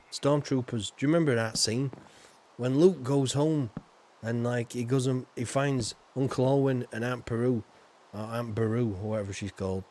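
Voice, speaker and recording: A man with a Yorkshire accent rambles along in casual chat as he streams, his pitch sitting in an ordinary middle register. He keeps tossing in loose asides and tangents. A faint hum of room ambience sits behind him. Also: darkish tone. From Yorkshire, England. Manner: rambling and chatty, full of "you know" asides.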